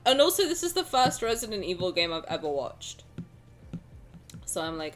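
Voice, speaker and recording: A young woman streamer chatting casually with her viewers, playful and rambling, with sudden loud bursts. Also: medium pitch, big pitch swings, normal speed. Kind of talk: casual chat with live chat.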